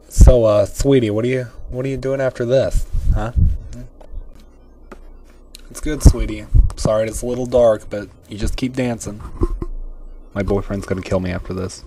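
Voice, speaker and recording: A man directing a comic video, flustered and fussy, swinging from coaxing to shouting. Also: medium pitch, fairly even intonation, normal speed, pauses often. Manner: fussy, calls people sweetie. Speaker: machinima director.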